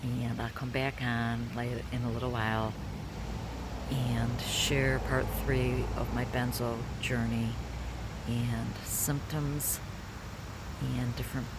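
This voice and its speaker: Woman in her sixties, deep low voice, chatty vlogger, storytelling. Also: little pitch movement, takes it slowly, heavy background noise. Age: 60s. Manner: chatty, storytelling, laughs often. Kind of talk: casual chat to camera.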